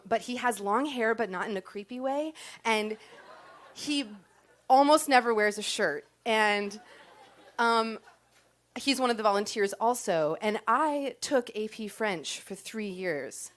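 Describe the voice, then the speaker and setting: A woman tells a comic story from her own life, talking to the crowd like friends. Her voice sits at an ordinary middle pitch, and she undercuts herself with dry, self-mocking punchlines. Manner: self-deprecating, conversational, punchline timing. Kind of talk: comic personal storytelling performance.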